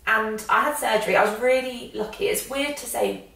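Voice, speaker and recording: A woman's voice: fairly high pitch, a little fast, vocal fry, a bit bright. A woman in her late twenties, a guest chatting candidly and with self-mocking humour. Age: 20s. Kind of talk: casual chat. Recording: roomy echo, mic at a distance.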